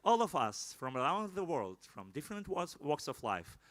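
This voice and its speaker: A man with an Israeli accent leading a candle-lighting prayer at a live celebration, halting with many fillers and joking asides to the crowd. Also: fairly high pitch, big pitch swings, a bit bright, dry recording.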